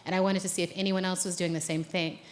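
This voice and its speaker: A woman's voice: lowish voice, level tone, fast talker. American woman, organizer, playful and conversational, stage talk at a conference. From United States. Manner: playful, conversational, laughs at own jokes. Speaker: speaker and organizer. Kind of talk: guided exercise then talk. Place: conference venue.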